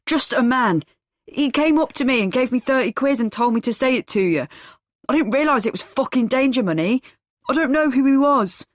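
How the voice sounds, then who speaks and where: A man's voice: sits high, moderate pace, a bit bright, no echo, clean studio sound, voice pushed up. A woman voicing a scared, clueless male messenger who pleads and swears in a raised voice.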